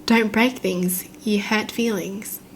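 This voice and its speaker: Woman putting on a flat robotic little boy. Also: medium pitch, a little hiss or hum, rough recording. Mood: flat eerie. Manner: slow, flat and mechanical. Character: eerie young boy talking like a robot.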